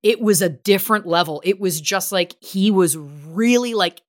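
A woman's voice: mid-range voice, moderate pace. A woman co-hosting a podcast in casual chat, rambling with lots of fillers. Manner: rambling, heavy use of filler "like". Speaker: podcast co-host.

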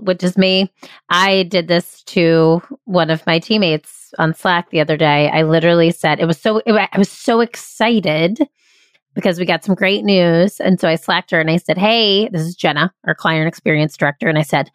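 A woman's voice: on the low side, normal speed, smooth, dry recording, clean studio sound. A woman hosting an interview podcast, talking in an effusive, enthusiastic way. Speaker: podcast host. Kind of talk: casual interview chat.

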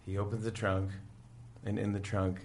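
A man's voice: on the low side, moderate pace, a little hiss or hum. A man guest on a podcast, chatting casually and acting out scenes as he retells them. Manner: animated storyteller acting out scenes. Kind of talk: casual chat.

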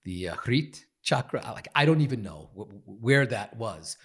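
A man guest on a podcast, telling a personal story in an earnest, halting way with many fillers and restarts. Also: on the low side, lively intonation, fairly bright tone, breathy edge. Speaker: guest, meditation teacher. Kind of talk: reflective storytelling. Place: podcast studio.

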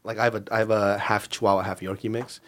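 A man's voice: lowish voice, quick pace, slight background noise. A man in his thirties, a podcast guest, telling loose, profane stories in casual chat. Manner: profane animated storytelling.

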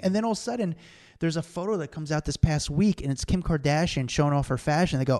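A man's voice: fairly high pitch, fast. A man co-hosting a podcast, telling rambling, slangy stories in casual chat. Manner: rambling, animated storyteller, slangy. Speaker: podcast co-host, celebrity street interviewer.

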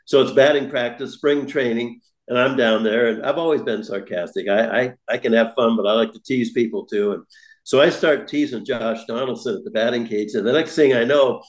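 An older man who once broadcast baseball tells stories during a podcast chat, his mid-range voice brisk in an echoey room. He's a warm storyteller who laughs easily.

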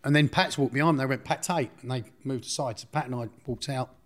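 Man, middle pitch, blunt slangy storytelling, frequent restarts, interview. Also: steady tone, fast, fairly bright tone. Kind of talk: recounting a personal story.

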